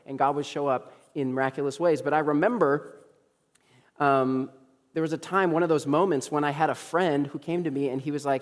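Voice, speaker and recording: A young adults pastor, himself a young adult man, tells his sermon as a story full of funny asides and acted-out dialogue. His voice is a little high, steady in tone, and fast, with long hall reverb from the church sanctuary.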